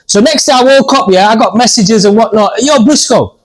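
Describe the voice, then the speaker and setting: A man's voice: high-pitched, a little fast, rough recording. A man hosting a podcast, telling stories in a casual, chatty way and addressing viewers as guys. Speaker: podcast host. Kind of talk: casual chat.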